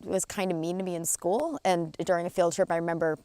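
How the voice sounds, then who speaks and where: A woman's voice: on the low side, steady tone, fast, mellow, no echo. A woman, the site's owner, giving a plain and informative documentary interview with a wry edge. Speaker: new owner of the property.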